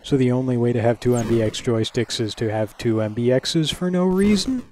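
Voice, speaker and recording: A man's voice: mid-range voice, fairly quick, darkish tone, slight background noise. A man hosting a retro computing channel, narrating a scripted review in a dry, wry, analytical way.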